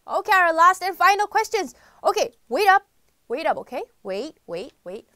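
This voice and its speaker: A young woman from South Korea hosting a live-stream quiz show, chatting bubbly and reading out viewer comments with excited outbursts. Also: high voice, no room sound.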